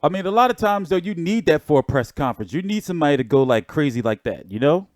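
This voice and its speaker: Hosting a boxing channel, a man rambles along in a relaxed, filler-heavy way, like casual livestream commentary. His voice sits on the high side with lively intonation and a fast pace. The recording is clean studio sound with no echo.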